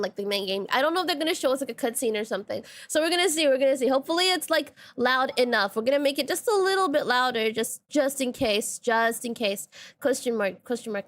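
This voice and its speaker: A young woman streaming a game, chatting casually and quickly, bubbly and repeating her phrases as she talks to her viewers. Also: a little high, a bit bright.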